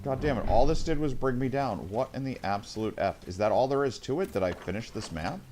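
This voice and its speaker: A man's voice: mid-range voice, animated, brisk, background noise. A man casually commenting on his own gameplay, chatting with viewers and muttering to himself, swearing when things go wrong. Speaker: gaming streamer.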